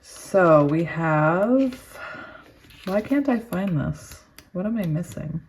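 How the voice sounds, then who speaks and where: Tarot reader, female, slightly low voice; slow soothing card reading, excitable laughing asides. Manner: giddy and excitable, laughs often. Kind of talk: reading oracle cards aloud with chatty asides.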